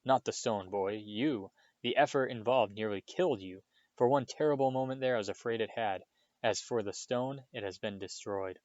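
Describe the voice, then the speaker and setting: A man voicing a calm, kindly old male headmaster wizard who speaks gently and wryly, in a storybook reading. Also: lowish voice, dry recording, dull audio, lightly acted. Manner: gentle, measured and wry.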